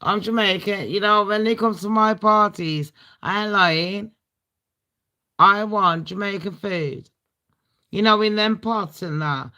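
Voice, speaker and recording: A woman's voice: mid-range voice, takes it slowly, sharp tone. A British woman hosting a casual storytime chat, blunt and full of swearing and laughing asides. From Britain. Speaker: livestream host.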